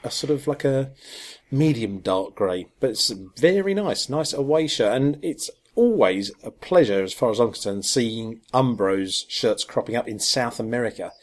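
A man co-hosting a casual podcast, talking with lots of ums, restarts and soft chuckles. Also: mid-range voice, expressive, moderate pace. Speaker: podcast co-host. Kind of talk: casual chat about football kits.

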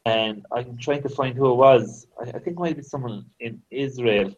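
A man's voice: mid-range voice, normal speed. Podcast guest man on a dull line. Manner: relaxed, hesitant, agreeable. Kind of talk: casual podcast chat.

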